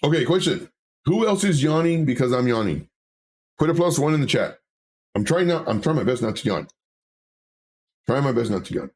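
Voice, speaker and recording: Speaking at a normal speed with long pauses, a man with a medium-pitched, slightly mellow, sing-song voice hosts a casual livestream. He reads out his chat, talks over charts, and often repeats what he says.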